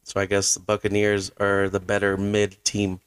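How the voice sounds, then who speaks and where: A man's voice: on the low side, completely flat delivery, moderate pace, clear, resonant tone, no room sound. A man hosting a podcast, giving a blunt and opinionated fantasy football recap. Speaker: podcast host.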